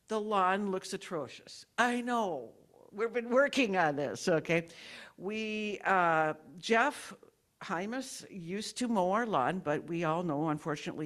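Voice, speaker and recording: A woman's voice: on the low side, fairly bright tone. A woman giving friendly, rambling church announcements as board president, often stopping to correct herself.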